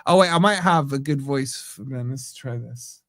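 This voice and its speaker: A man's voice: mid-range voice, moderate pace, a bit bright, dry recording, studio quality. A young man hosting a live football fan reaction stream, rambling and joking while he interrupts himself. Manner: rambling, self-interrupting, jokey. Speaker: fan channel host.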